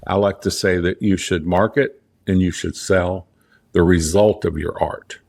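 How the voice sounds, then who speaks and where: This middle-aged Southern US man, a portrait photographer who owns his own studio, is being interviewed there and tells stories conversationally. His voice is low and darkish, his tone steady and his pace unhurried. He speaks earnestly and with emphasis, frequently restarting and repeating key phrases.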